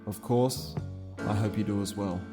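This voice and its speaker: An Australian man with a lowish voice reads a podcast introduction. His delivery is flat and measured, with clear guitar music playing under him. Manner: measured, evenly read. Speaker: podcast host. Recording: music bed behind the voice.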